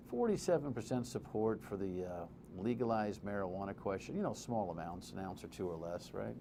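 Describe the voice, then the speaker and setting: A man's voice: lowish voice, expressive, normal speed. Brief: male TV host, blunt and wry, a faint hiss under the studio mic. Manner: blunt, sarcastic, conversational. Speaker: TV host and commentator. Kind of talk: opinionated TV commentary. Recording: faint background noise.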